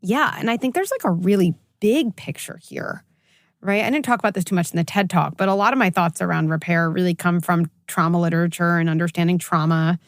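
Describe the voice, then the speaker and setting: A woman clinical psychologist in her forties, talking as a guest in an interview and telling stories with lively quoted voices. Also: fairly low pitch, a little fast, no echo, clean studio sound. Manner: animated storytelling, acts out quoted voices. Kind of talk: conversational interview.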